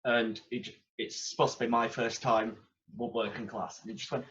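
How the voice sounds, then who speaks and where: A man, a podcast guest, telling relaxed theatre anecdotes with chuckles. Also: medium pitch, brisk, muffled recording. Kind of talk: casual chat.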